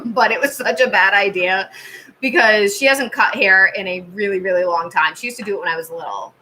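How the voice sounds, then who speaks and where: Bright-voiced chatty woman in her thirties. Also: medium pitch, a little fast, rough recording. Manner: chatty storytelling with many fillers and laughs. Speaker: tarot reader and channel host. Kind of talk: casual live-stream chat.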